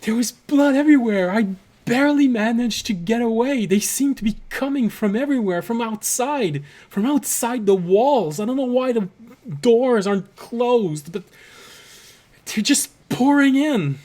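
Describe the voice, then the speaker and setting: A man's voice: very high-pitched, expressive, a little slow, darkish tone, pitched above the performer's own voice, full character voice. A man voicing a terrified townsman who has fled monsters, stammering and repeating himself. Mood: shaken. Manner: stammering, frantic repetitions. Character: terrified stuttering adult male townsman fleeing monsters.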